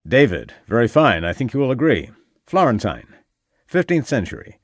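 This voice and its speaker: A man's voice: medium pitch, huge pitch swings, normal speed, no echo, clean studio sound. A man voicing an outgoing American male antiquary with an American accent, effusive and confident.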